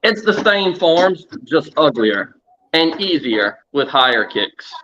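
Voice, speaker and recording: A man's voice: a little high, big pitch swings, slow, lo-fi sound, noisy background. A man in a casual podcast chat who makes blunt, dry jokes.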